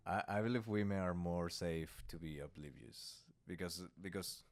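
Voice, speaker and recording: Low-voiced Spanish-accented man, halting. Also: a little hiss or hum. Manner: halting, repeats words, laughs often. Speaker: podcast host. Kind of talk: casual chat.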